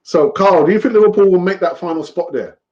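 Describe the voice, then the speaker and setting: A man's voice: sits high, fast talker, mellow, dull audio. Rambling, chatty man on a live stream. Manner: rambling, chatty, frequent laughs and fillers. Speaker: host of a fan live stream. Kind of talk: casual live-stream chat.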